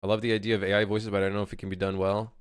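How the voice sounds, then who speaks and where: A man's voice: fairly low pitch, flat delivery, very fast, smooth, no room sound, studio quality. A young man streaming while working on his game, chatting casually with viewers, swearing and venting in frustration. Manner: profane, exasperated, talks to chat. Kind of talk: casual livestream chat.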